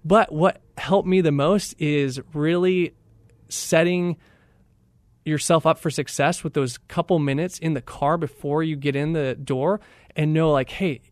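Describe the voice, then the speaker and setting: A young man, a training director on the radio as a guest, speaks a little slowly in a slightly high voice, recorded dry. His talk is enthusiastic and motivational, and he performs the voices of the people he tells stories about.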